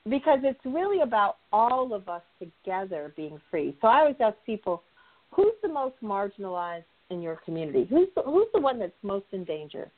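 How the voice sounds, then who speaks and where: A woman with a medium-pitched voice talks briskly, her pitch swinging widely. She's a guest, a nonprofit consultant and facilitator, leading a conversational discussion and repeating key phrases for emphasis, heard over a tinny, phone-like line.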